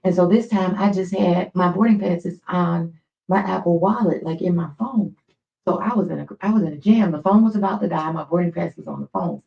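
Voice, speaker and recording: An American woman hosts a live stream, casually telling chatty, digressive stories as an animated storyteller. Her lowish voice is brisk and gravelly, and the audio sounds dull.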